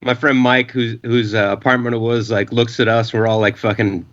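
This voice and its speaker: Rambling, profane male storyteller, bright tone, muffled lo-fi recording. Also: medium pitch, little pitch movement, brisk. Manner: rambling, profane, many filler uhs, acts out quotes. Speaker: podcast guest. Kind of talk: casual storytelling.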